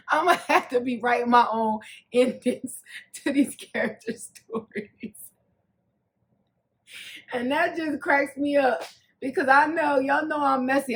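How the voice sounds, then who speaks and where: A woman hosting a casual TV recap, talking in a sassy, animated way that swings between loud jokes and soft, earnest asides. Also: sits high, breathy edge. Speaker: recap host.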